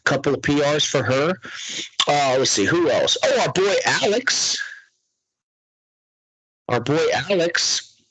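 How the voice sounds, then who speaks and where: An excitable young man with a husky, slightly breathy voice that swings widely up and down in pitch. He chats casually and swears a lot, recorded close and dry with no room sound. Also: slow pace, long pauses, no echo, rough recording. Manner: excitable, swears constantly, laughs often. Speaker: podcast co-host. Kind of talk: casual profane chat.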